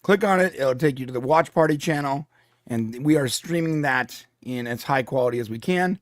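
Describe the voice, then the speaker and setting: A man's voice: medium pitch, moderate pace, no room sound, studio quality. Chatty man hosting a live watch-along. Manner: laughs often, chatty and animated. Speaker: stream host.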